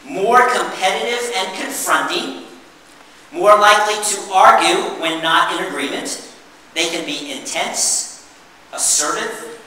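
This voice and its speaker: Animated man presenting in an echoey hall. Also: high voice, slight background noise. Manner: animated, calls on the audience for answers. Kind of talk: interactive workshop presentation. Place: meeting room with an audience. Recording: echoey hall, mic far off.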